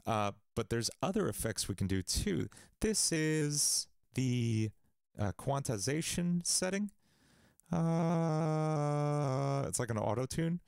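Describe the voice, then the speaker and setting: Rambling male music streamer, lively voice. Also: fairly high pitch, slow, gravelly, clear, resonant tone, no room sound, clean studio sound. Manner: relaxed, rambling, thinking aloud with fillers. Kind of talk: casual livestream explanation.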